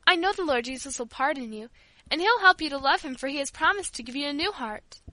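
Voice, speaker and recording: A woman voicing an earnest, devout little girl who speaks sincerely and pleads gently. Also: high voice, animated, fast, dry recording, pitched above the performer's own voice, low-quality recording.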